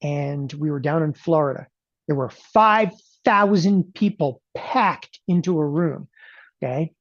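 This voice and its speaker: A man's voice: fairly high pitch, measured pace, no room sound. Rambling middle-aged man, muffled lo-fi sound. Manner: rambling and emphatic, frequent "okay?" asides and throat clearing. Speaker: trading educator promoting a live event. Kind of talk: casual promotional talk.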